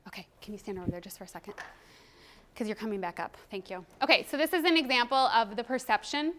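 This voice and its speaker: A woman in her thirties giving a workshop presentation as a trainer, animated and quick to laugh. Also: on the high side. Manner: animated, laughs often, acts out quoted voices. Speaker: parenting and behavior trainer.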